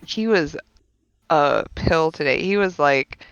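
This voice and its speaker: A woman who streams and is a mother chats casually with friends during a game stream, telling animated stories full of laughter and swearing. Her low voice is smooth and slow, and the recording is dry and dull.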